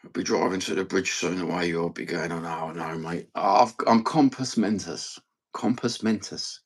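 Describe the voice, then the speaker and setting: A middle-aged East London man chats on his live stream in a rough, gravelly voice with a husky edge. His talk is sweary and blokey as he rambles along in easy banter. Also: low voice, steady tone, moderate pace.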